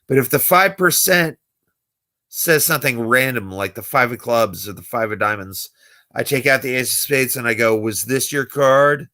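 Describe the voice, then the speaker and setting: A man's voice: medium pitch, expressive, normal speed, sharp tone. A young adult man, a magician hosting a late-night livestream, chatting casually and acting out the people in his stories. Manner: storytelling, acting out quoted people.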